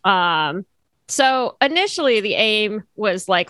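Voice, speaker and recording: A woman co-hosts a casual podcast, talking loosely with plenty of fillers and joking asides. Her voice sits at an ordinary middle pitch. She is recorded close and dry, with no room sound. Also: lively intonation, slow, bright, forceful tone, smooth, dry recording. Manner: loose and chatty, many fillers and jokey asides. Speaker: podcast co-host. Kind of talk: casual chat.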